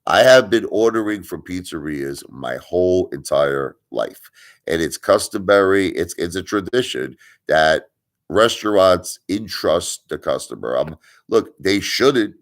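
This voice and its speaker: A man's voice: low-pitched, expressive, measured pace. A middle-aged man from Brooklyn who hosts a live stream, telling stories and ranting in a blunt, emphatic way with casual swearing. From Brooklyn, New York. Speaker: livestream host.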